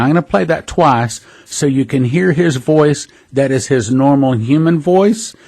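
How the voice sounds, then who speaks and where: A man's voice: mid-range voice, a little mellow. A man hosting a prophecy ministry, giving an earnest, conversational preaching monologue and calling listeners brothers and sisters.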